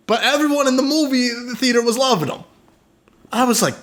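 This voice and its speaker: A man's voice: very high-pitched, expressive, brisk, a bit bright. A man co-hosting a film podcast, talking bluntly and mockingly with a lot of swearing. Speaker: podcast co-host. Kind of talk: casual chat.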